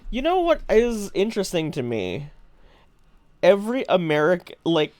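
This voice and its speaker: A man's voice: high voice, huge pitch swings, unhurried, darkish tone. A man streaming a game live, chatting casually with viewers, musing aloud and laughing often. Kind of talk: casual live-stream chat while gaming.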